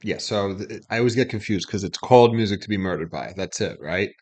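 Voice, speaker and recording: A man co-hosting a casual album review, mostly giving brief relaxed replies. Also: fairly low pitch, a little fast. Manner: brief, laid-back replies. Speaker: co-host of a music review channel. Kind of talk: casual chat.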